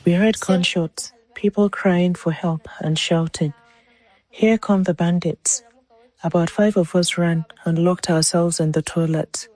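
A young woman interviewee speaking plainly and quietly. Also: on the low side, fairly even intonation, unhurried, few pauses, husky, no echo.

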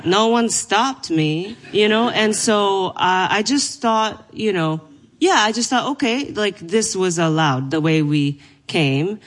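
A woman's voice: medium pitch, slow. A woman comedian, a guest on an interview show, telling stories about her life in a chatty way with lots of fillers and frequent laughs. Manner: animated storytelling with lots of fillers, laughs often. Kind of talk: casual interview chat.

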